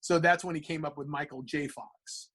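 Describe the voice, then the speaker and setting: Animated storytelling man, slightly high voice. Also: moderate pace, low-quality recording. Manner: animated, stammering restarts. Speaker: comic book artist guest. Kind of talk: casual podcast storytelling.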